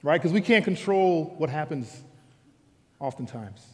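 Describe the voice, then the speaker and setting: A man preaching a sermon to a congregation in a casual, animated storytelling way. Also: on the high side, a little slow, big-room sound. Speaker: pastor. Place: church sanctuary.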